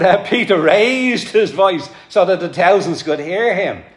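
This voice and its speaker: A man preaching a sermon to his congregation, earnest and pleading, calling them folks. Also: a little high. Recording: echoey hall.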